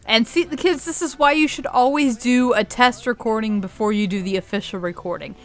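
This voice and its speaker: A woman's voice: fairly high pitch, fairly even intonation, a little fast. Giggly young woman rambling over gameplay. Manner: giggly, rambling, swears a lot. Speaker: gaming YouTuber. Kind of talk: casual game commentary.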